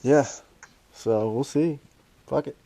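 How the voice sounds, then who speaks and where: A man's voice: mid-range voice, takes it slowly, gravelly, a crowd in the background. A man co-hosting a podcast, speaking in an easygoing, casually profane chat. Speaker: podcast co-host.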